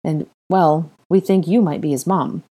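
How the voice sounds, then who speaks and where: A calm, unperturbed young man laying out the facts, as a woman reads him. His tone is even and matter-of-fact. The voice is close to the narrator's own. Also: low-pitched, unhurried. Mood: explaining. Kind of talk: amateur fan fiction audiobook.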